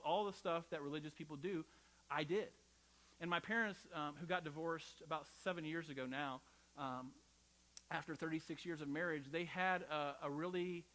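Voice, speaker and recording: A man's voice: on the high side, a bit bright, rough recording. A middle-aged male pastor preaching a sermon in a conversational, personal storytelling style, often checking in with "right?".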